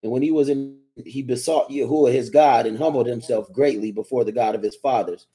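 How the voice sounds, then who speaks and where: A man reading scripture aloud in a steady, measured way. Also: mid-range voice, poor audio. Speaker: scripture reader.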